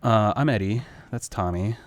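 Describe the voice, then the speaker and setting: A young man co-hosting a podcast in casual chat, rambling and crude, with sudden loud jumps. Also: on the low side, moderate pace, no echo. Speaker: podcast co-host.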